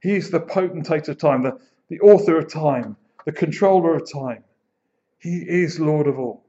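Male pastor, slightly higher voice, preaching with expressive, drawn-out phrasing on a muffled recording. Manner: expressive, slows to dwell on phrases, animated storytelling. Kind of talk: sermon. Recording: dull lo-fi sound.

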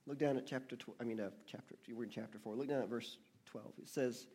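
A man delivers a church sermon in a husky, mellow voice. He reads scripture slowly and with weight, then checks in with his congregation through quick questions. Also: mid-range voice, steady tone. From United States. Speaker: pastor.

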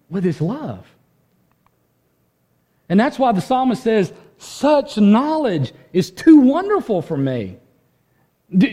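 A man preaching a sermon in earnest, swinging from loud emphasis to a hushed voice and often repeating words as he restarts. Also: very high voice. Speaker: pastor.

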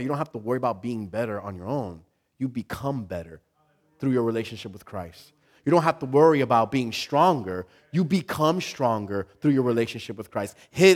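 Animated man preaching a sermon. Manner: animated, acts out inner voices, jumps to loud high pitch; repeats words and restarts, laughs with the congregation. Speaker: pastor.

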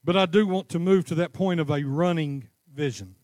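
A man preaching a sermon, crying out passionately at times and easing into a calm teaching tone at others. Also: fairly high pitch, normal speed, no room sound, studio quality. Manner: impassioned preaching, rising to cries then dropping to a calm teaching tone. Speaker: pastor.

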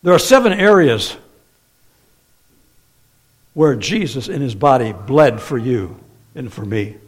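A man's voice: medium pitch, expressive, slow pace, breathy edge. A man preaching a sermon in a conversational way, often asking the congregation questions.

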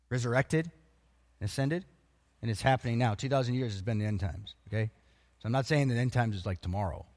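A man preaching a sermon, emphatic and animated, quoting scripture. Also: medium pitch, big-room sound. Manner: animated and emphatic, acts out voices of people.

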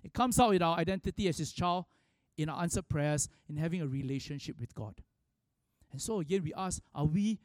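High-voiced preacher, dry close sound. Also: male voice, a little mellow, dry recording. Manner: storytelling preacher with frequent restarts, rising for emphasis. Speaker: pastor. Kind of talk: sermon.

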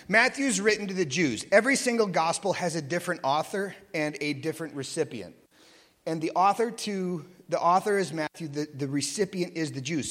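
A man's voice: a little high, fairly bright tone, in a large hall. A man giving a casual Bible teaching, chatty and joking, often checking in with "okay?" and "right?".

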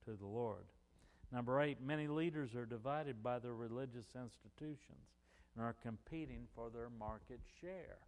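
An older man preaching a sermon, rising loud on key phrases and dropping to softer asides. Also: medium pitch, in a large hall.

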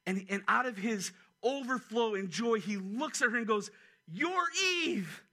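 Male pastor, lively chatty sermon delivery, bright and high-pitched. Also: normal speed. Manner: animated, conversational preaching with asides. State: a little out of breath.

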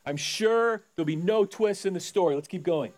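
Man, pastor, high voice, casual joking sermon, acts out the story's characters. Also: moderate pace, darkish tone. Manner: conversational, jokey preaching, acts out characters.

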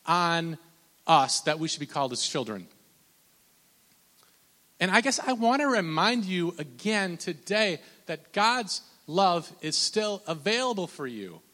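A man, likely in his thirties, preaching a conversational sermon with lots of restarts and fillers, loud on his points and slow on scripture. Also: sits high, in a large hall. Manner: animated, pushes loud on emphasis, drawn-out slow scripture quotes. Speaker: pastor.

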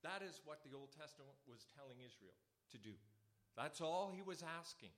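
A man's voice: a little high, normal speed. A man preaching a sermon in a conversational way, telling everyday stories between scripture readings. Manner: conversational storytelling, animated asides.

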